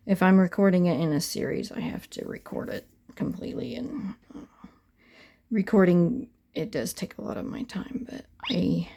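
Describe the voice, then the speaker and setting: A woman's voice: fairly low pitch, vocal fry, warm tone, breathy edge. A middle-aged woman in a casual crafting vlog, talking to viewers as she paints a doll and often dropping to a half-whisper. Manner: chatty, often drops to a half-whisper while working. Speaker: reborn doll artist.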